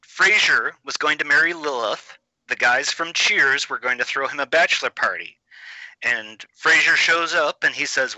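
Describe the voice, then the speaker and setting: A man's voice: a little high, moderate pace, pushed and bright, dry recording, poor audio. A man in his forties, a podcast guest, telling stories with enthusiasm in casual chat. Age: 40s. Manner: enthusiastic storyteller.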